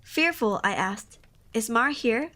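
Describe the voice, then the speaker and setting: Bright high-voiced woman reading aloud. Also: lively intonation, slow pace. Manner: emotional, cries and exclaims between passages; casual, swears often. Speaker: streamer reading horror stories. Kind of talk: live-stream story reading with reactions.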